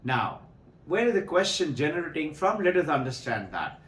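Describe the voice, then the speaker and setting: Animated spiritual teacher, man. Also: fairly high pitch, moderate pace, echoey room, low-quality recording. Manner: animated storytelling, acts out voices in parables. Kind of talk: spiritual talk to devotees.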